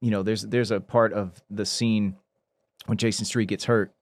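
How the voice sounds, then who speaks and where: A man in his thirties, a guest actor, telling animated stories in a casual podcast chat. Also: fairly low pitch, normal speed, no echo. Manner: animated storyteller who acts out quoted people.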